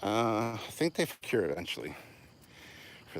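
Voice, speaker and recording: A man's voice: sits low, big pitch swings, fast talker, long pauses, a little hiss or hum. A man hosting a live stream while out walking at night, chatting casually with viewers and a little out of breath. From Canada. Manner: chatty, self-deprecating, answers viewer questions. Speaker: channel host. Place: outdoors at night, on a walk.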